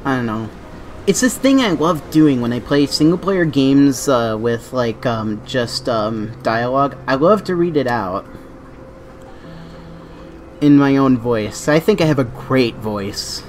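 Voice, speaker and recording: Male game streamer, casual and rambling, stumbles over words, middling pitch, faint hiss behind. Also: expressive, unhurried. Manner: rambling, self-correcting, with many fillers. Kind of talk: casual live game commentary.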